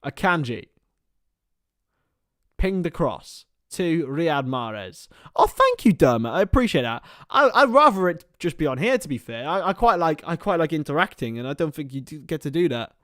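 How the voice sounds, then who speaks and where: A man's voice: fairly high pitch, big pitch swings, moderate pace, fairly bright tone, dry recording, studio quality. A young man hosting a live football watchalong, commenting on the match, swearing casually and chatting to his viewers.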